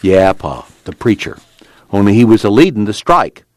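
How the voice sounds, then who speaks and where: A man playing a beaten-up young farmhand in a story reading, drawling in rough rural dialect, a bit higher than the reader's own low voice and very lively in pitch. it's a dry, close recording. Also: moderate pace, dry recording. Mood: shaken. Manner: drawling rural dialect, raises to strained grief. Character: young man, battered, weary and shaken.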